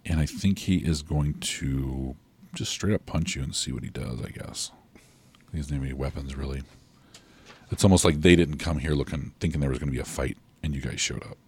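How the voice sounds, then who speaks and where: A man running a tabletop game as game master, narrating in a measured way and thinking aloud over the rules. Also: extremely low pitch, slightly rough.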